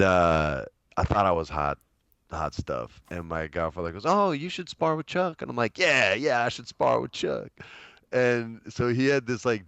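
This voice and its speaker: A man in his late thirties from New Mexico telling an animated story in a casual interview. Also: deep voice, no room sound. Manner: animated, chatty, uses lots of fillers. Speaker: guest, actor.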